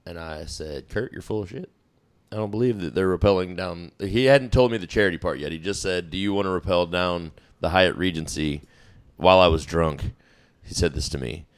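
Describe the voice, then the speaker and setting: Man, podcast guest, casual storytelling, swears a lot, smooth low voice, dry close sound. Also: a little fast. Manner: animated, swearing storyteller who acts out his own panic.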